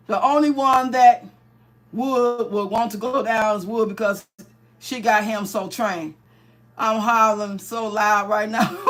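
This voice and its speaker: A woman's voice: on the high side, fairly bright tone. A woman hosting a casual livestream while she cooks, chatting freely, laughing often and reading out viewer comments. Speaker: livestream host.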